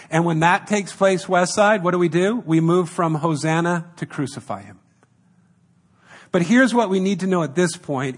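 A man delivering a sermon, leaning hard on repeated phrases and dropping into the voices of the people in the story he retells. His voice sits a little higher than most men's. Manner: emphatic, repeats key phrases, acts out quoted dialogue. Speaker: pastor.

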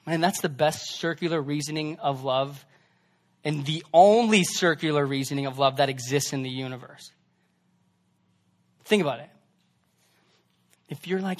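High-voiced young pastor preaching conversationally. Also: male voice, moderate pace, long pauses. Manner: conversational preaching, swings between loud emphasis and hushed asides. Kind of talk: sermon.

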